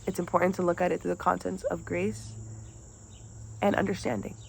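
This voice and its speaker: A young woman retelling a parable for a class, then reflecting on it in an earnest, halting way with restarts. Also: on the low side, level tone, creaky, slight background noise, rough recording. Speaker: student presenter.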